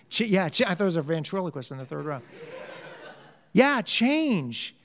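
A man's voice: on the high side, creaky, long reverb tail. A man teaching a casual church Bible study, joking with the group and asking it questions. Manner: joking, conversational, quizzes the group. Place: church hall.

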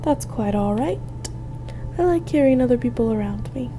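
A woman reading the lines of a friendly old man, the senior tenant of a house, in a video game, loudly and politely. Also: fairly high pitch, animated, moderate pace, slight background noise, close to an everyday voice. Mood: welcoming. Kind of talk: reading game dialogue aloud. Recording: game music playing behind.

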